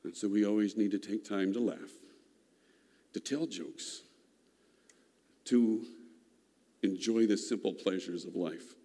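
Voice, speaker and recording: A man telling a personal childhood story in an unhurried, folksy, reflective way, heard in a reverberant hall. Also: on the low side, mellow.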